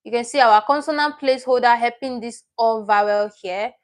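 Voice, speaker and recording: A woman's voice: fairly high pitch, moderate pace. A woman teaching a live online language lesson, patient and repeating each word as she explains it step by step.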